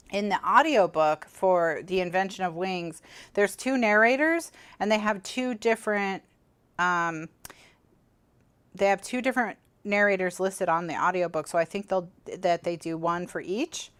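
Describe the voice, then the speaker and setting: A woman's voice: on the low side, a bit bright, clear, resonant tone, no room sound. A woman hosting a live crafting stream, chatting casually and rambling with lots of fillers and restarts. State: has the hiccups. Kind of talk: casual chat while crafting.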